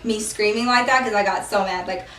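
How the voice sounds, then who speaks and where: On her vlog, a young woman tells a heated story, emphatic and full of "like" and "okay?" asides, acting out the scene and shouting the quoted lines. Her medium-pitched voice runs a little fast and sounds reverberant, as though she's far from the mic.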